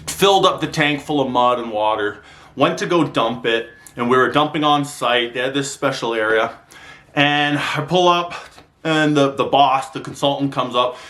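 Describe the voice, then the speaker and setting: A man ranting to camera in a vlog, telling stories in an exasperated, sweary, animated way, filmed with a handheld camera mic. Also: mid-range voice, normal speed. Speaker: vlogger.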